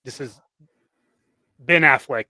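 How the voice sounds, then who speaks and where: Man with a mid-pitched bright tense voice, easygoing with many ums, dry close sound. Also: slow pace, no room sound. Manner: relaxed, hesitant, lots of ums when explaining ideas. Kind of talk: casual chat on a livestream.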